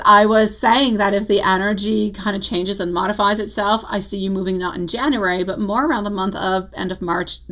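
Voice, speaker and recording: A woman giving tarot readings on a live stream, chatting fondly with viewers and calling them sweetie and my love. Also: low-quality recording. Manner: laughs easily, voice jumps high when excited. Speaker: tarot reader.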